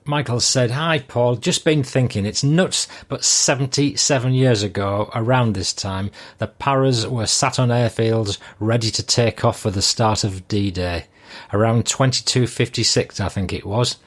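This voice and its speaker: An older man hosting a podcast, reading listener messages aloud in a relaxed, conversational way. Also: medium pitch. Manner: relaxed, conversational, with frequent ums. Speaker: podcast host.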